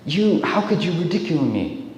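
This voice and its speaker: A man's voice: a little high, sing-song, moderate pace, darkish tone, highs cut off, voice pushed up. A man voicing a proud male poet who hates losing, speaking indignantly and tripping over his words, in an echoey hall. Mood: furious.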